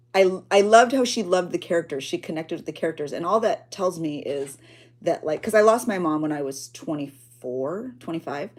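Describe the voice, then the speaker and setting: A middle-aged woman hosting a journaling livestream, chatting emotionally and rambling as she talks to her viewers. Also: fairly low pitch. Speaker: journaling channel host.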